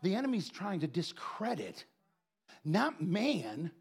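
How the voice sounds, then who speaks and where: A man preaching a sermon in a high, gravelly voice. He moves from folksy, joking asides to shouted declarations. His delivery is loose and conversational between the loud peaks. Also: huge pitch swings, slow. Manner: swings between quiet asides and shouted proclamation.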